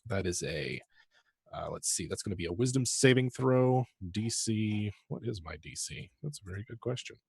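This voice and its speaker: A man takes his turn at a tabletop game, his voice low yet lively, rising and falling. He talks casually and playfully, working out his moves aloud. The sound is dry and close to the mic. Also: moderate pace, vocal fry, breathy edge, no echo. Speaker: player.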